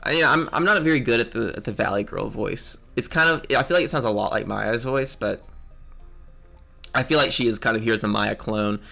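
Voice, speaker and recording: Man, gravelly voice, casual joking commentary, dull sound, game music behind. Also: mid-range voice, fairly quick, pushed and bright. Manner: loose, joking, chatty. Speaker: let's play host voicing the game.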